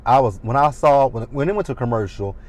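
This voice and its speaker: A man's voice: mid-range voice, animated, fairly quick, darkish tone. A man in his thirties recapping a reality show in a chatty, sassy way with dramatic asides. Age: 30s. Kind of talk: casual recap commentary.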